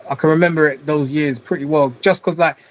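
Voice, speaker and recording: A man's voice: a little high, steady tone, brisk, dull audio, a little hiss or hum. A man in casual chat who swears freely and talks in a streetwise way.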